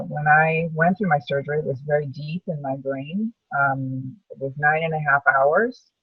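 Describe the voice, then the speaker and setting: A woman's voice: sits low, husky, no room sound, distant mic, lo-fi sound. A woman sharing her personal story as a survivor in a webinar, talking in an earnest, reflective way. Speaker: brain tumor survivor panelist. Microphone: video call.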